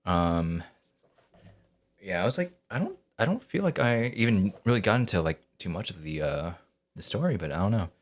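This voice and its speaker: A man with a notably low voice talks casually to his stream while playing a story game. He thinks aloud, hesitating and restarting his sentences often. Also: big pitch swings, normal speed. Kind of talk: casual live-stream commentary.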